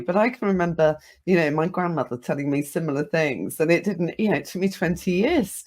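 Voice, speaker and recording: A woman's voice: fairly low pitch, darkish tone. A woman hosting an interview, chatting casually and encouraging her guest. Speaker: podcast host.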